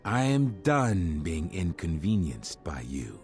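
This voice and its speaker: An actor voicing a cold, proud male settler in a video game, speaking in a slow, stilted, haughty way. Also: low voice, very animated, over music, full character voice.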